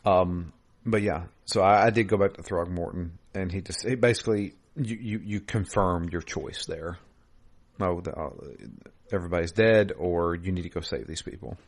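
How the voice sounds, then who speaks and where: A man co-hosting a casual gaming podcast over a remote call, relaxed and quick to chuckle, often restarting his sentences. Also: low-pitched. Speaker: podcast co-host. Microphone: remote call mic.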